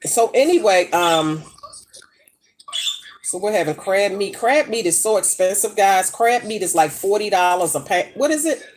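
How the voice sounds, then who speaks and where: A woman's voice: medium pitch, animated, moderate pace, a little hiss or hum. A middle-aged woman chatting casually while she cooks in her home kitchen, brash and profane as she tells gossipy stories. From United States. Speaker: vlogger. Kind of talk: casual chat while cooking.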